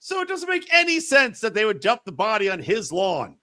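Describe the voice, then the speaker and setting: A man's voice: sits high, wildly swooping pitch, a little fast, bright, forceful tone, dry recording, clean studio sound. A man co-hosting a podcast, chatting casually and sarcastically, mimicking characters in mocking voices. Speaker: podcast co-host.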